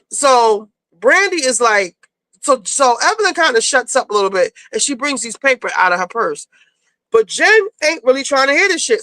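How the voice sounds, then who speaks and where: A woman's voice: a little high, bright, forceful tone, dry recording, poor audio. A woman giving a chatty, off-the-cuff recap of a reality TV episode, casual and loose with swearing. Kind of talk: casual, profane recap commentary.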